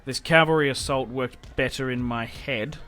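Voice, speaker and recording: His voice is medium-pitched and a bit bright, and he keeps a moderate pace. The young man hosts a gaming channel, joking casually over his own strategy game and frequently breaking off mid-thought to restart.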